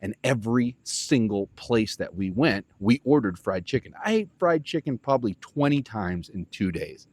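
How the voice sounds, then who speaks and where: A man hosting a podcast, telling a rambling, animated story full of fillers. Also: on the low side, moderate pace, few pauses, no echo. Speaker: podcast host. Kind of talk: casual storytelling monologue.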